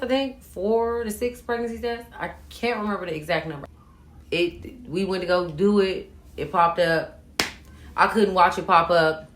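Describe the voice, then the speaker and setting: A woman's voice: medium pitch, reverberant. A woman telling a personal story in a casual monologue, swearing freely and acting out what people said. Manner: animated, profane, acts out quotes. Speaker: storytime host.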